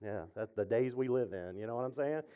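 A man's voice: mid-range voice, a little fast, clean tone, narrow, tinny audio. A male pastor preaching a casual, joking sermon to his congregation and asking them questions. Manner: chatty, jokey, asks the congregation questions. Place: church sanctuary with congregation.

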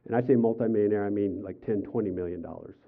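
An older man preaching a sermon as pastor, telling personal stories with animated, acted-out quotes. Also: on the low side, fast talker. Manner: animated storytelling, acts out quotes with raised voice. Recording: tinny phone-like sound.

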